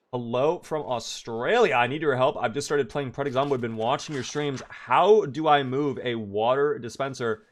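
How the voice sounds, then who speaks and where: A man's voice: mid-range voice, moderate pace, few pauses. A man from the US East Coast streaming a game live, casually chatting and answering viewers' questions. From Maryland, US East Coast. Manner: chatty, answers chat questions while playing.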